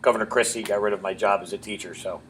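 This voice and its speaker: A man's voice: lowish voice, fairly even intonation, fast, a bit bright, a little hiss or hum. A middle-aged man, a comedy club owner and comedian, telling crude, self-mocking stories in an interview at a bar's open mic night. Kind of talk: storytelling in an interview.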